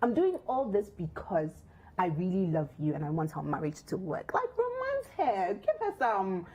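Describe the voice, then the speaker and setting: A woman's voice: medium pitch, huge pitch swings, moderate pace, dark tone, breathy edge. A Ghanaian woman co-hosting a relationship advice show in a studio, giving teasing, playful counsel.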